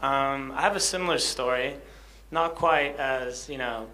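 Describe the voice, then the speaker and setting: A man's voice: medium pitch, a little slow, bright, forceful tone. A young man telling his personal story to an audience, hesitant, with many fillers and self-conscious laughs. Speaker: guest speaker.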